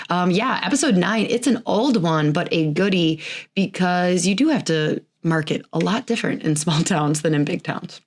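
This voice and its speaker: A woman in her thirties hosting a podcast, talking in a chatty, rambling way, with frequent "like"s and little laughs. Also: mid-range voice. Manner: laughs often while talking. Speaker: podcast host. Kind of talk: casual chat.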